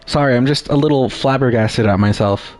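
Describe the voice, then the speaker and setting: A man's voice: medium pitch, brisk, darkish tone, faint music behind. A man giving casual, rambling commentary while playing a game, joking at his own expense. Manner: rambling, self-deprecating, lots of fillers and restarts. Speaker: gaming streamer.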